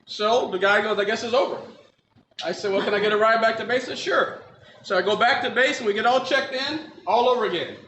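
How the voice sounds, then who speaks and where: A man from Milwaukee, Wisconsin gives a personal testimony, acting out the dialogue of people in his story and laughing at his own tale. His voice is high-pitched, quick and a bit bright, recorded in an echoey room with faint ambience and slight background noise.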